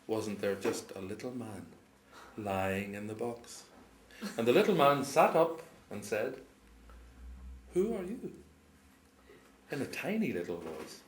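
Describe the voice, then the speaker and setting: Slow storyteller in a roomy hall. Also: male voice, noisy background. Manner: slow, chuckling, plays characters with quiet low voices. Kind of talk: live folk tale telling. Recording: roomy live recording with audience.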